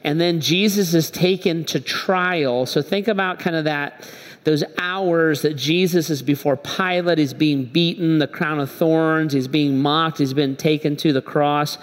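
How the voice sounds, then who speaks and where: A man's voice: fairly high pitch, steady tone, unhurried. Pastor man with echoey hall sound. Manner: conversational storytelling, acts out dialogue. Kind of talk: sermon. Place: church hall.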